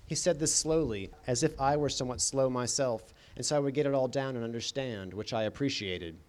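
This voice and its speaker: A man reading first-person scripted narration in a deadpan, dry comic manner. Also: medium pitch, a little fast, few pauses. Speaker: audiobook narrator.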